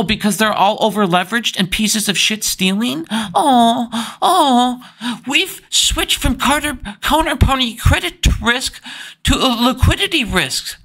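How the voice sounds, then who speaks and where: A man mimicking a whiny high-pitched banker. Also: sharp tone, full character voice. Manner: mocking, nasal whining sing-song. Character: whiny complaining male bank spokesman.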